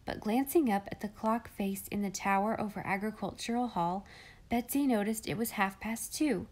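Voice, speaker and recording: A woman narrating a classic children's novel in a calm, measured, expressive reading voice. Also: mid-range voice. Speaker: audiobook reader. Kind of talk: storybook narration.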